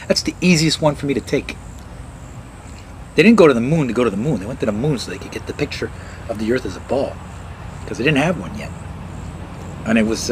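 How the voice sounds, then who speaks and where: A man rants in a loose, sarcastic way, cursing and switching into squeaky mocking voices. His pitch sits in the middle range. A faint noise runs under the recording. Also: darkish tone, poor audio. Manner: sarcastic, swears, jumps into high mocking voices. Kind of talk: mocking casual rant.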